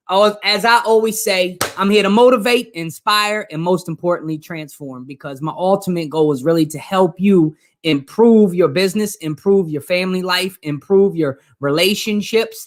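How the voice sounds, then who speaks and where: A man's voice: a little high, a bit bright. A man giving an earnest, emphatic motivational talk to viewers of a live stream. He leans on repetition and speaks directly to his audience. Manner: earnest and emphatic, repeats phrases. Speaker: motivational coach.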